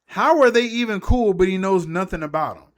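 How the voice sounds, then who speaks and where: A man talking through a film scene by scene in a loose, slangy way. He rambles and trails off mid-thought. His voice sits a touch higher than most men's. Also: lively intonation, brisk. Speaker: movie breakdown YouTuber. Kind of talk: casual movie recap commentary.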